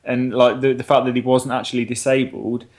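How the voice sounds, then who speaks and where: A man in loose, casual podcast chat. He swears freely, laughs often and slips into quoted dialogue as he retells scenes. His voice sits at a middle pitch. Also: little pitch movement, fairly quick, a little mellow. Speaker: podcast co-host. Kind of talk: casual film review chat.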